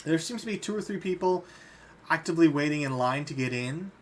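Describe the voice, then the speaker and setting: A man narrating a tabletop game as game master, relaxed and quick to laugh. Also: a little high, slight background noise. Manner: relaxed, often breaks into laughter.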